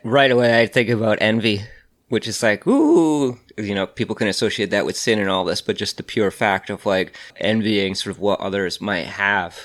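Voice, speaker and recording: A man with a very low voice talks things through in a relaxed podcast conversation. He reflects out loud, circling back with fillers and restarts. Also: normal speed. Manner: thoughtful, many fillers and restarts.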